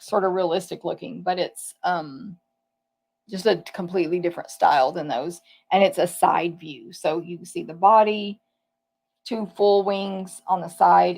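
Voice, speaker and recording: This papercraft demonstrator has a lowish, creaky, mellow voice. She gives a chatty, casual live tour of the products, thinking aloud and correcting herself as she goes.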